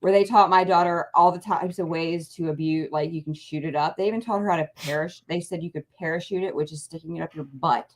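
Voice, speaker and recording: Rambling lower-voiced woman talking politics. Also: quick pace, hardly any pauses, slight background noise. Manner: rambling, many restarts and fillers. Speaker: guest, parent advocacy co-founder. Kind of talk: casual political chat.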